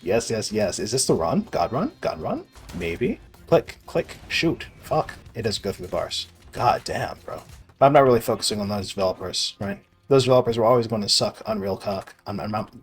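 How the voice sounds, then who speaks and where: A young man with a low voice rambles through a gaming session, swearing freely and joking at his own expense. Faint game music hums behind him. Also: big pitch swings, normal speed. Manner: swears often, rambling, sarcastic, laughs at himself. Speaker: gaming video creator. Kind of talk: casual rambling commentary while playing.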